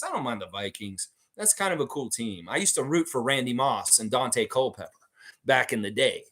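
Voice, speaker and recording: A man hosting a fan livestream, chatting casually through viewer comments. His pitch leaps around a lot as he swings from loud hype down to quiet asides. He swears freely and talks like he is among friends. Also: sing-song, moderate pace. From Canada. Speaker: fan channel livestream host.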